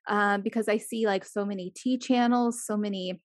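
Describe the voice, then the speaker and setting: A young woman chatting casually as a podcast co-host, animated, swearing freely and acting out the people she quotes. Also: medium pitch, normal speed, no echo, studio quality. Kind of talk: casual chat.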